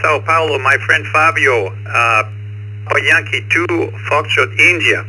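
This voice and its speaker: A man's voice: fairly high pitch, a little slow, background noise. A man hosting an amateur radio net, chatting in a friendly, jokey way with lots of fillers. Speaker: net control host.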